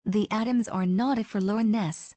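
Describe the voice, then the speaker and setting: A woman's voice: mid-range voice, moderate pace, mellow, dry recording, natural voice. A woman playing a profane, mocking woman mystic who declaims and sneers sarcastically. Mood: scornful.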